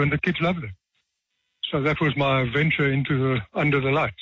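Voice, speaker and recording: A man in his seventies, a retired judge from South Africa, tells stories from his career with dry, self-deprecating humor and measured pauses. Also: fairly high pitch, fairly even intonation, a bit bright, breathy edge, no room sound. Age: 70s. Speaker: retired judge, author guest. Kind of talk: relaxed anecdotal storytelling. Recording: dull, dry radio sound.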